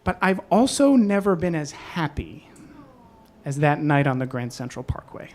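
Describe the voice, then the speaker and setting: A man telling a personal story live on a club stage. He is animated and self-deprecating, and his pitch swings widely. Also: normal speed. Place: club stage in New York.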